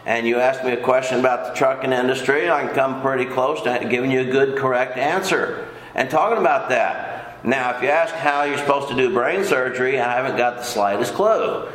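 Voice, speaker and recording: A man's voice: mid-range voice, brisk, a bit bright. An older man teaching a casual Bible lesson in a folksy, rambling way, often repeating himself. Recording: echoey room.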